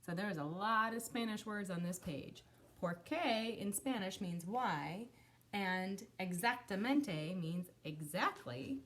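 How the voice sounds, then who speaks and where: A woman teacher reading a picture book aloud to children, expressive, pausing to explain words. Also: mid-range voice.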